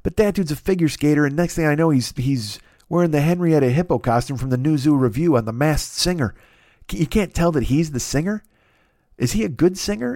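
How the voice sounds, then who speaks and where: A man's voice: on the high side, dry recording, clean studio sound. A man hosting a podcast, rambling through a profane, sarcastic comedy rant and slipping into silly voices. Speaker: podcast host.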